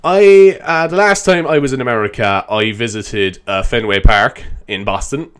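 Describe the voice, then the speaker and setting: A man's voice: mid-range voice, smooth. Young guy rambling on his podcast, swears a lot, laughs a lot, mid voice. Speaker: podcast host. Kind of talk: solo improvised podcast chat.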